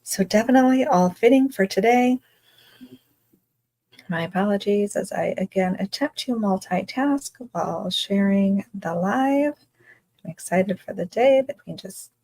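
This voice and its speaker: A woman's voice: medium pitch, normal speed, vocal fry, mellow, poor audio. A woman hosting a casual self-care livestream, bubbly and effusive as she greets viewers and reads their comments aloud.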